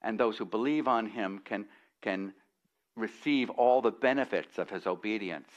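A man's voice: lowish voice, moderate pace, muffled recording. A man preaching an expository sermon, with folksy asides and frequent restarts.

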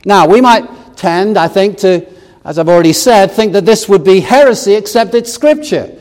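A man's voice: high voice, expressive, normal speed, darkish tone, long reverb tail. A man preaching a sermon, reading scripture aloud and explaining it verse by verse with touches of humor.

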